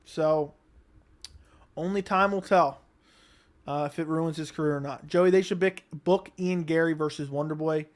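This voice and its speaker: A young man from Baltimore hosting a live stream, answering chat questions in a relaxed, rambling way. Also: on the high side, normal speed. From Baltimore, Maryland. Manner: relaxed, rambling, thinks aloud with many ums. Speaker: livestream host reading chat.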